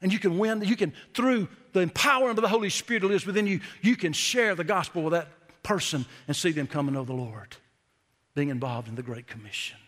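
High, bright preacher in a hall. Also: male voice. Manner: folksy storytelling preacher, emphatic slowed phrases. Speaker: pastor. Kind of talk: sermon. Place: church sanctuary. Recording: church hall with long reverb.

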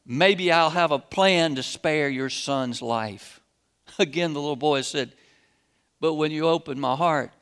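A man preaching a sermon and telling a story, slow and dramatic, swinging from loud outbursts to hushed tones. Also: fairly high pitch, long reverb tail.

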